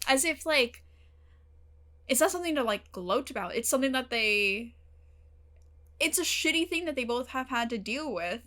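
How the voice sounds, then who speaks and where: On her own channel, a young woman discusses a TV episode with the camera in a casual, emotional, animated way, using lots of fillers and some swearing. Her voice runs on the high side, at a moderate pace with frequent pauses.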